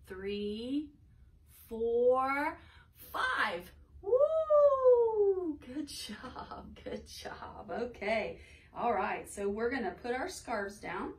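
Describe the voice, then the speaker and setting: A woman librarian leading a toddler storytime, encouraging and sing-song, reading a picture book aloud. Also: medium pitch. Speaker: children's librarian.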